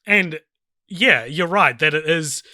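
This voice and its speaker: Bright, opinionated male podcast co-host. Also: a little high, lively intonation, slow pace, no echo, studio quality. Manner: opinionated, builds arguments at length. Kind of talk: casual film discussion.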